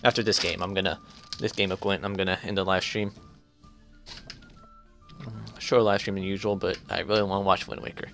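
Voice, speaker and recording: A man streaming a card game live, thinking aloud in halting starts while his voice grows strained. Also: low voice, level tone, vocal fry, a bit bright, faint music behind. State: strained, fading voice. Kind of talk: casual live gameplay commentary.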